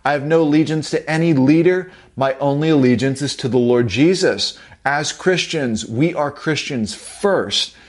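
A man preaching a sermon as pastor, from the United States, emphatic and slowing down to stress key phrases. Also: fairly high pitch.

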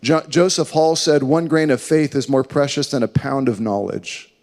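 Male pastor, higher-pitched, emphatic sermon delivery with hushed scripture quotes, reverberant hall sound. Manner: earnest, emphatic preaching with slow dramatic drops to hushed quotes.

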